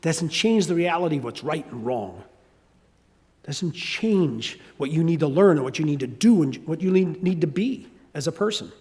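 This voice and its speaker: Older man, sermon, high lively voice, storytelling, long hall reverb. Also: normal speed. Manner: animated storytelling, conversational asides. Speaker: pastor.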